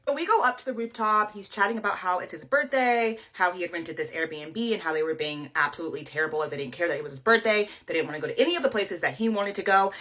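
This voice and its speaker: Bright, chatty young woman telling a story. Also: medium pitch, fast talker, hardly any pauses. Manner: chatty, animated, acts out quotes. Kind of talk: casual storytime.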